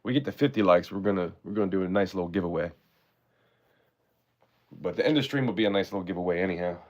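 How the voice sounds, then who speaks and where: A man's voice: sits low, fast talker. A man hosting a live-stream auction, chatting in a laid-back way and thanking his viewers often.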